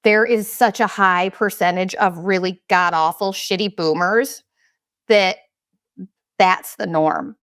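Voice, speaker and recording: A woman in her thirties talks straight into the mic, blunt and unfiltered, swearing freely as she opens up about personal matters. Her voice sits at a middle pitch, and the sound is dry and close with no room around it. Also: steady tone, unhurried, hardly any pauses, fairly bright tone, no echo. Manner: blunt, profane, confessional. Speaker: podcast host. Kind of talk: candid casual monologue.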